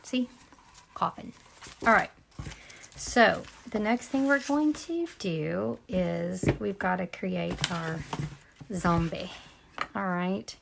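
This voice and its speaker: A woman's voice: fairly low pitch, slow, vocal fry, long pauses, background noise. A woman teaching a casual live crafting tutorial, chatting and rambling with asides to her viewers. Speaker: crafting instructor.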